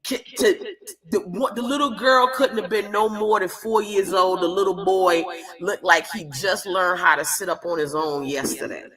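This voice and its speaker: Loud, bright-voiced woman ranting comically. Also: medium pitch, normal speed, faint music behind. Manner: loud, profane, rambling. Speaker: comedian hosting a live stream. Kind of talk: ranting comedic storytelling.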